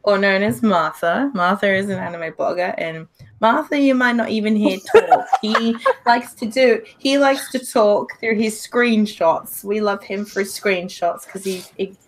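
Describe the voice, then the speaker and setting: A young woman hosting a casual live stream while semi-sick, her voice hoarse, laughing often as she talks. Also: medium pitch, measured pace, noisy background. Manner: giggly, laughs often between words. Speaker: streamer host.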